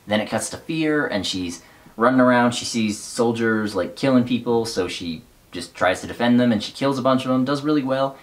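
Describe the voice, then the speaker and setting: A man's voice: mid-range voice, lively intonation, normal speed. A man casually recapping and reading from a novel, rambling with fillers and wry asides.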